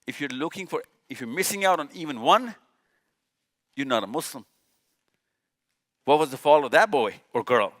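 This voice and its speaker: This fairly high, fairly bright male voice belongs to a man from Pakistan lecturing passionately on religion at a live session. He sounds animated at a normal speed, leaving long pauses between rhetorical questions and repeated points.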